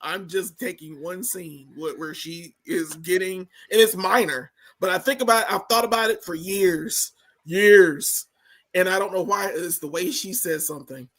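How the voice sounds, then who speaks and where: A man co-hosting a casual movie review podcast, talking excitably and repeating himself to make a point. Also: sits high, unhurried. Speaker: podcast co-host.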